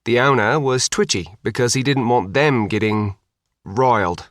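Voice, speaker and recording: A man voicing a calm adult man who leads a security team, speaking in a dry, matter-of-fact way. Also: medium pitch, moderate pace, no echo, close to an everyday voice. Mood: steady. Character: calm adult male security-minded leader.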